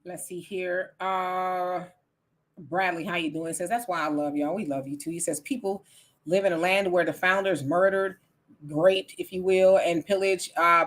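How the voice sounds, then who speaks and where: Woman host for a live call-in style stream, bright, emphatic, casual. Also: mid-range voice. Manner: reads viewer comments aloud, then argues back in casual, emphatic speech. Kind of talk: live political talk stream.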